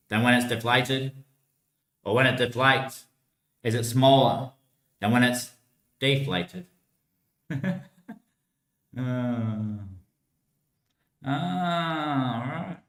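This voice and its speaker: Rambling bloke who keeps saying mate. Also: male voice, mid-range voice, fairly bright tone, echoey room. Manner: swearing, says "mate" constantly; laughs between lines. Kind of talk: rambling surreal monologue.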